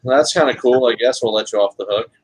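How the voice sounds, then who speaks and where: A man's voice: medium pitch, fast talker, husky, low-quality recording. A man co-hosting a casual comics podcast, laid-back and jokey, greeting chat viewers. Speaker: podcast co-host.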